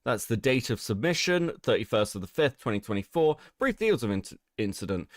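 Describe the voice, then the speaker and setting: A man's voice: mid-range voice, a little fast, hardly any pauses, no room sound, studio quality. A British man hosting a commentary stream, reading documents aloud with sarcastic, profane asides. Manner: sarcastic, swearing, animated, laughing asides.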